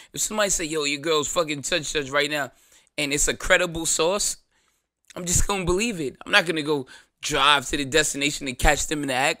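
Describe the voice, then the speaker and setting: A man's voice: fairly high pitch, pushed and bright, no room sound, studio quality. A man, hosting his show in a blunt, profane, joking monologue. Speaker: show host. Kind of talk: casual monologue.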